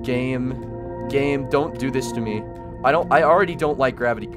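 A young man giving casual let's-play commentary, excitable and stammering over restarts, yelping when startled. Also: mid-range voice, moderate pace, music in the background. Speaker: gaming YouTuber.

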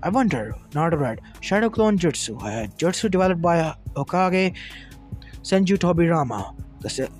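A man's voice: on the high side, a little mellow. A man reading a fan fiction story aloud, with small stumbles and restarts. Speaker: narrator. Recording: music under the voice. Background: lofi background music.

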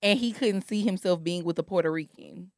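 Woman podcast co-host, low-pitched, blunt and slangy, dry close mic. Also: a little fast, a little mellow, no room sound. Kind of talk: casual chat, reading a listener email aloud.

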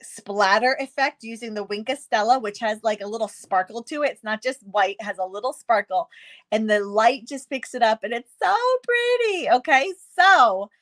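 A woman's voice: a little high, lively intonation, normal speed, a bit bright. A woman hosting a live crafting stream, chatty and bubbly, greeting viewers by name and laughing often. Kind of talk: casual live-stream chat.

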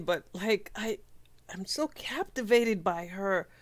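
Slow-talking woman gushing. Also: mid-range voice, soft background music. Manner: gushing and emotional, with sighs and breathy asides. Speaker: reaction video host. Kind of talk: casual reaction commentary.

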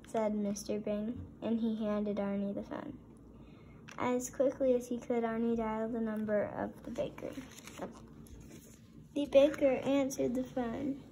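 A woman reading a children's story aloud in a gentle, expressive way. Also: on the high side, measured pace, slight background noise. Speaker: storybook reader.

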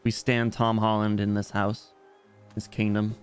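A man's voice: fairly low pitch, monotone, a little slow, clean tone, faint music behind. A young man streaming a video game, rambling and joking with his chat while he plays. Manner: rambling, jokey, talks to chat while playing. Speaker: VTuber streamer. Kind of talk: casual gaming livestream chat.

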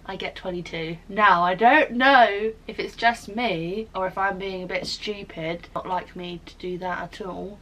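A woman's voice: medium pitch, measured pace, few pauses, fairly bright tone, low-quality recording. A young woman, ranting in a casual vlog, dramatic, sweary and self-mocking. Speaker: vlogger.

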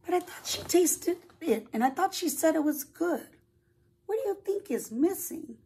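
A woman's voice: extremely high pitch, expressive, moderate pace. A woman preschool teacher reading a picture book aloud to young children, stopping often to ask them questions. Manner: asks children questions, warm sing-song asides. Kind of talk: storybook read-aloud for children.

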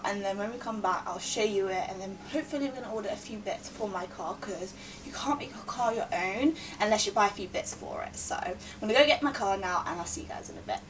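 A 21-year-old woman chatting in a vlog, out of breath and rushing, bubbly and gushing. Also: mid-range voice, fairly bright tone, far from the mic, a little hiss or hum, low-quality recording. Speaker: vlogger. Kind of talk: casual vlog chat.

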